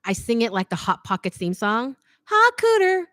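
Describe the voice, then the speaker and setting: A woman in her thirties hosts a live question-and-answer stream in a loose, chatty way. She tells stories animatedly at a mid pitch and keeps checking in with "okay?". The recording is dry and close. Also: brisk, no echo. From United States. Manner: chatty, animated storyteller who often adds "okay?". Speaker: host of a fashion design channel. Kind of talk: live Q&A stream, casual chat.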